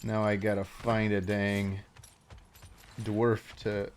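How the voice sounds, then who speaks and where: A man's voice: on the low side, flat delivery, slow, a little hiss or hum. A man streaming a video game live, giving playful, self-mocking casual commentary. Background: game music.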